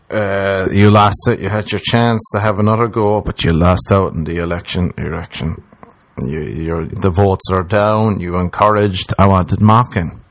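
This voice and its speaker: Rambling Irish man, low and dry. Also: fairly even intonation, normal speed, no room sound. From Ireland. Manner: rambling, jokey, jumps into mocking put-on voices. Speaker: podcast host. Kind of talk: comedic solo podcast monologue.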